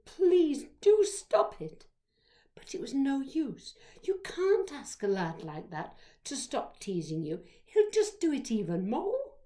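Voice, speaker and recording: A woman storyteller reading a childhood memoir aloud, expressive, shifting between hushed whispers and loud exclamations. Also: on the high side, measured pace.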